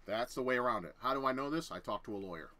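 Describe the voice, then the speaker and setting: A man's voice: medium pitch, animated, racing, pushed and bright. A young man telling a personal story on his vlog, swearing heavily and talking bluntly. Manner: heavy swearing, heated and blunt. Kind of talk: casual storytelling rant.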